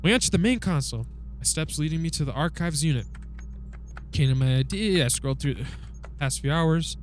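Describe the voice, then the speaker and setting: A man's voice: a little high, animated, a little fast, slight background noise. A man reading a story game aloud, joking and swearing between lines. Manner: jokey, swears, laughs at himself. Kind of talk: reading and reacting to a narrative game.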